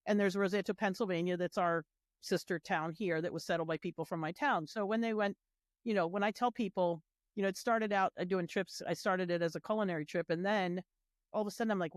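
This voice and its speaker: A woman in a casual panel conversation who tells stories in an animated way and acts out the voices of the people she quotes. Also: lowish voice, a little fast, no echo, studio quality. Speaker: guest, heritage tour organizer.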